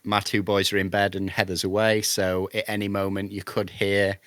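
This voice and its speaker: A man from the UK hosting a casual podcast, chatty and relaxed with plenty of fillers. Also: fairly low pitch, normal speed, few pauses, dry recording. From United Kingdom. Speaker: podcast host.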